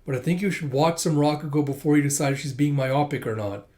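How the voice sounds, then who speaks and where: A man's voice: on the high side, fast, mellow, lightly acted. Guy reading a big friendly judo kid, easygoing and casual.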